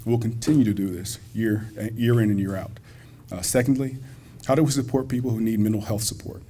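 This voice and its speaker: A man's voice: lowish voice, fairly even intonation, a little fast, dark tone, a little hiss or hum. A man speaking as a college president at a community banquet, folksy and joking, talking directly to the audience. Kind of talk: public speech at a banquet. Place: school hall at a banquet.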